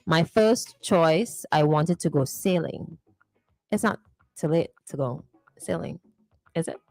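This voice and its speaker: A woman's voice: low-pitched, lively intonation, slow pace, gravelly, darkish tone, no echo, soft background music. A woman hosting a morning radio show, playfully reading listener messages and teasing them. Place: radio studio.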